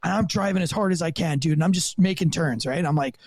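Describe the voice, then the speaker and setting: Animated man telling a profane story. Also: a little high, fast, dry recording, clean studio sound. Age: young adult. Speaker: podcast guest, former police officer. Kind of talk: casual storytelling interview.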